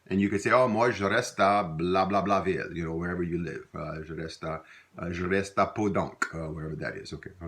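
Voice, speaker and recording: A man's voice: low voice, fairly bright tone. A man giving a recorded language lesson, patiently repeating example words with many fillers. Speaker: language teacher.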